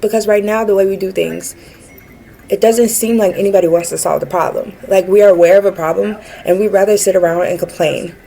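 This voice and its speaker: A woman's voice: medium pitch, fairly even intonation, a little fast, creaky, mellow, slight background noise, rough recording. A woman vlogging a rambling personal rant, earnest and frustrated, with many fillers and restarts.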